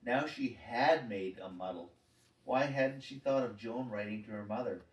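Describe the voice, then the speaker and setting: A man reading a children's chapter book aloud in a gentle, measured storytelling manner. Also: medium pitch. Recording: roomy, distant mic.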